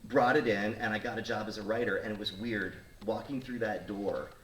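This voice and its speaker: A man's voice: on the low side, a little fast. A man, a radio talk show host in his thirties, telling a story casually and acting out the voices of the people in it. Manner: animated, acts out quoted voices. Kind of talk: casual storytelling to a studio audience. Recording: roomy sound, mic at a distance, faint noise.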